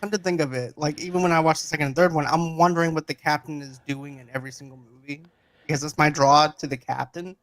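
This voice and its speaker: A man hosting a casual movie review chat, recapping the plot in a lively way and quoting the characters. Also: a little high, fast talker. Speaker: podcast host.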